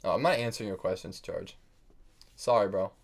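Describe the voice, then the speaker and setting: Speaking fairly quickly with a low pitch and vocal fry, this US-based chess streamer reasons through his moves out loud during a casual live stream. He scolds himself over mistakes and trades banter with his chat.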